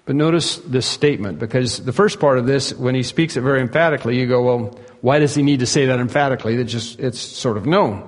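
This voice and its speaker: A man preaching a sermon, emphatic, rising to loud peaks and dropping to hushed asides. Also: medium pitch, quick pace, hardly any pauses, long reverb tail. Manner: emphatic, swings between soaring and hushed. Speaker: pastor.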